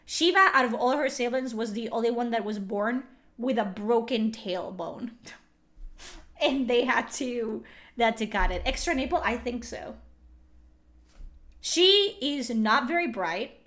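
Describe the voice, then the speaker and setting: A young woman chatting casually on a livestream, animated and swearing often, with lots of "like" fillers. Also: fairly high pitch, measured pace. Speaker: streamer.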